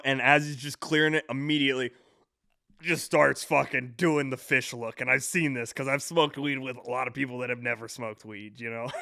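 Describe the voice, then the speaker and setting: Mid-20s guy telling a rambling swear-heavy story, medium pitch, dry sound. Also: gravelly, pushed and bright, dry recording. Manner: rambling, profane, self-correcting storyteller. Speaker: podcast host. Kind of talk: casual storytelling monologue.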